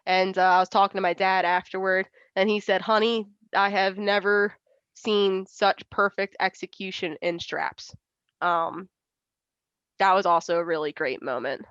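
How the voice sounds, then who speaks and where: A young woman chats casually as an interview guest, laughing often and acting out what others said. Her voice is at a middle pitch for a woman. It comes through dry and slightly dull, like a video call. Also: steady tone, unhurried, fairly bright tone, clear, resonant tone, dry recording. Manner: chatty, laughs often, acts out quoted voices. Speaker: interview guest, arm wrestler.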